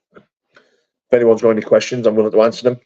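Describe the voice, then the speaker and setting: Man, casual live-stream chat, matey, low voice, dull lo-fi audio. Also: flat delivery, brisk, mellow. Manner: chatty, matey, calls viewers mate and brother.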